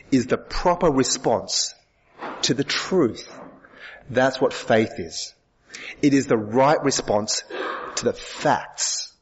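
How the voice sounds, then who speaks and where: A man's voice: mid-range voice, husky, in a large hall. A male pastor giving an earnest sermon, full of rhetorical questions. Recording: dull lo-fi sound.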